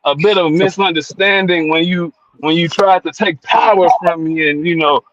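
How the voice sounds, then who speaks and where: A man's voice: a little high, normal speed, fairly bright tone, no room sound, dull audio. A man cutting a pompous in-character wrestling promo, referring to himself in the third person and stammering through repeated words. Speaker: wrestling character at a mock media day.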